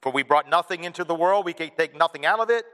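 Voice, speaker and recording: A man preaching a sermon to his congregation, animated and playful, acting out whiny kids and an annoyed parent. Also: on the high side, fast. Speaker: pastor. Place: church hall. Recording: reverberant hall.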